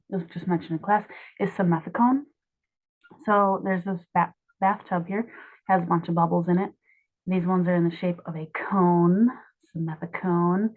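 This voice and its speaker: A young woman in her twenties walks through her own drug mnemonic drawings in a chatty, offhand way, correcting herself as she goes. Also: fairly low pitch. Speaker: student explaining drug mnemonics. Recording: tinny phone-like sound.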